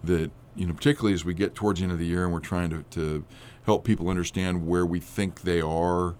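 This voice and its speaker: Deep, hoarse man with halting speech. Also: fairly even intonation, a little mellow, slight background noise. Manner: halting, many restarts. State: hoarse from a cold. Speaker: accountant guest. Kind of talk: casual radio chat.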